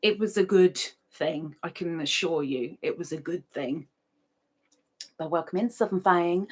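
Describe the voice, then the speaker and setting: A woman's voice: on the low side, unhurried, slightly rough. A woman in middle age, hosting a casual live stream and reading out viewers' chat with playful, sing-song repetition of names. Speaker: livestream host.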